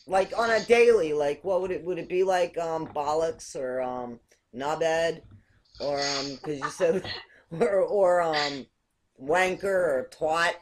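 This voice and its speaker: A woman's voice: sits low, takes it slowly, a little hiss or hum. An American woman hosting a casual video call chat, hesitant with many ums and frequent laughs. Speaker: show host.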